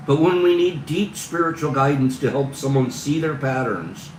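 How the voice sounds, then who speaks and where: A man's voice: mid-range voice, normal speed, far from the mic, soft background music. Earnest rambling man in an echoey room. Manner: earnest, rambling, talks through frustration. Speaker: livestream host. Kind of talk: casual livestream monologue.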